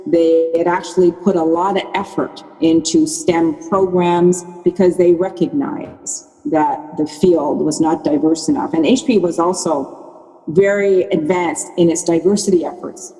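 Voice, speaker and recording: A woman's voice: lowish voice, fairly even intonation, a little slow, dark tone, long reverb tail, soft background music, low-quality recording. A woman in her sixties, a podcast guest, telling her story candidly and often restarting her sentences. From Canada. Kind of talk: conversational podcast interview.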